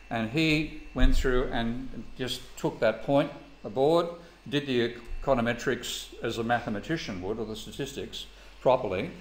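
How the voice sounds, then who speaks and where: Blunt man lecturing in an echoey room. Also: fairly low pitch. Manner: blunt, anecdotal, swears casually. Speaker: economics lecturer. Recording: echoey room, faint ambient noise.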